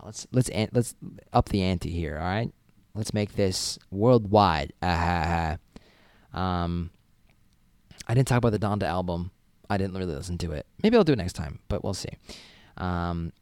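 A man's voice: lowish voice, no echo. Rambling, profane young male podcaster. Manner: rambling, profane, self-mocking. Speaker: podcast host. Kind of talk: casual solo podcast chat.

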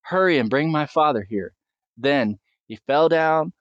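A man's voice: a little high, expressive, a little slow, dry recording, muffled recording. Earnest male preacher, dry sound. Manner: earnest, rising emphasis on questions, reads scripture aloud with small stumbles. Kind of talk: sermon.

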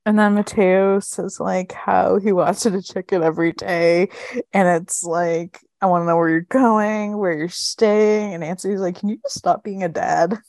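A woman's voice: on the low side, a little slow, no room sound. A woman co-hosting a casual chat, retelling a TV episode with lots of fillers and quoted lines. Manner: chatty, quotes characters in animated retellings, many fillers. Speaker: podcast co-host.

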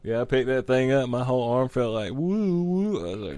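A man's voice: mid-range voice, animated, moderate pace, dark tone, dry recording. A man reading news stories aloud at his computer desk and mocking them in a casual, profane commentary, swearing freely and laughing at his own jokes. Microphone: desk microphone.

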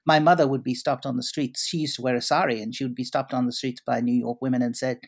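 A man's voice: mid-range voice, level tone, quick pace, vocal fry. Hesitant middle-aged man, Indian-British accent. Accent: Indian and British English blend. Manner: hesitant, repeats words, wry. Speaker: guest, journalist and columnist. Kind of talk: casual interview conversation.

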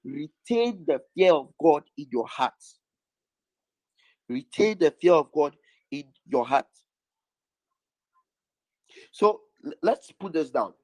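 A man's voice: a little high, animated, slow pace, pauses often, no echo, low-quality recording. A man preaching a sermon, stressing his points by repeating lines over and over.

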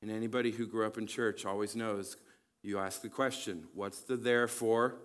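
A man's voice: lowish voice, steady tone, moderate pace, fairly bright tone, clean tone. Casual, conversational male preacher. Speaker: pastor and counselor. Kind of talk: casual sermon teaching. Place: church campus.

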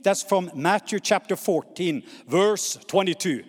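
A man preaching a sermon, reading scripture slowly and having the congregation repeat words back. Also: high-pitched, lively intonation. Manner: call-and-response, has the congregation repeat words; slows down to read scripture dramatically. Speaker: pastor. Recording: long hall reverb.

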